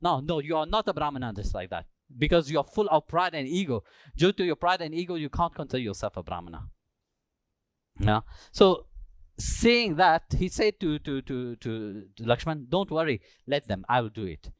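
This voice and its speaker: A male spiritual teacher telling a sacred story during a live talk in a temple, acting out the characters with animated delivery. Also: on the high side, moderate pace, no echo. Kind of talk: storytelling sermon.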